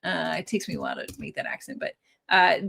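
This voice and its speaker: Upbeat woman in her thirties, live coding teacher, crisp clear voice, keeps checking in with "right?". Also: on the low side, fairly even intonation, fast, sharp tone, a little hiss or hum. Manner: chatty, upbeat, often tags "right?". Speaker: developer advocate teaching a live stream.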